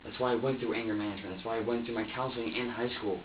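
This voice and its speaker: A man's voice: fairly low pitch, fairly even intonation, rapid-fire, background noise. A young man being questioned by police, talking in an agitated, profane rush with stammered repeats. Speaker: suspect under police questioning. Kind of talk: interrogation statement. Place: interrogation room. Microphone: distant security camera mic. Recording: roomy, distant, dull lo-fi security footage.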